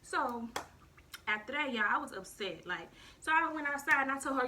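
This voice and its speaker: A young woman telling a storytime vlog, animated and profane, talking straight to her viewers. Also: high voice, moderate pace. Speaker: YouTuber. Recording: slightly distant mic, faint noise.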